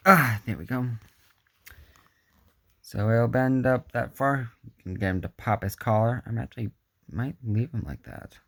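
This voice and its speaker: A man's voice: medium pitch, measured pace, creaky, long pauses, a bit bright, dry recording. A man giving a casual hands-on action figure review, chatty and muttering asides to himself as he handles the figure.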